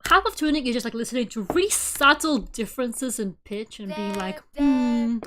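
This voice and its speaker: A woman in her twenties chatting casually on a live stream, giggly and animated as she tells stories. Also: on the high side, fairly quick. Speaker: VTuber streamer.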